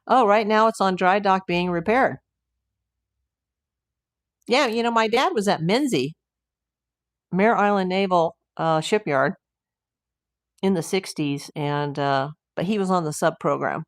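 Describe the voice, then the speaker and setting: An older American woman hosts a casual livestream, chatting and rambling with asides and fillers while reading viewer comments aloud. Her voice is fairly low and measured, with frequent pauses, recorded at studio quality with no room sound.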